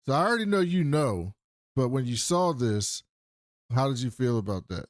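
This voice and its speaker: A man's voice: mid-range voice, moderate pace, no room sound, clean studio sound. A man co-hosting a podcast, casually recapping a TV episode and acting out the characters' lines. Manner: animated retelling, acting out characters' lines with swearing. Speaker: podcast co-host.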